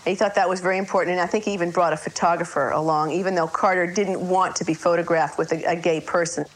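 A woman's voice: lowish voice, fairly even intonation, fast, rough recording. A woman interviewed in a documentary, reflective and slightly hesitant.

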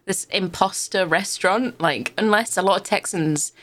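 A woman's voice: medium pitch, moderate pace. A woman co-hosting a podcast who chats casually, hesitating often and giggling. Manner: hesitant, giggly, lots of fillers. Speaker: podcast co-host. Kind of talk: casual chat.

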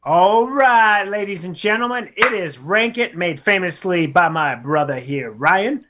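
A man co-hosting a casual radio show, quick and playful as he runs through a segment. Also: high-pitched, expressive, sharp tone. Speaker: radio co-host.

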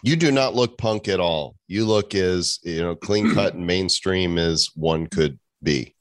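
A man with a very low voice hosting a podcast, cracking jokes and keeping the banter playful. He sounds dry and close-miked. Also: measured pace, no room sound. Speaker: podcast host. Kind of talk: casual podcast chat.

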